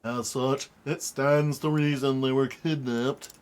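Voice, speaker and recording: A man's voice: mid-range voice, fairly even intonation, slow, smooth, natural voice. A man voicing a pompous, wordy male scholar detective, reading game dialogue aloud in a formal, lecturing manner.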